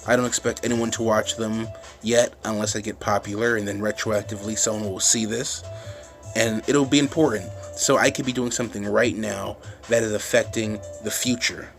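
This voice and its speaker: A man's voice: fairly low pitch, fairly even intonation, normal speed. Man ranting into a phone camera, rambling and profane, faint music behind. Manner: rambling, restarts often, swears, gets fired up. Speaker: vlogger. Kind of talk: casual ranting monologue.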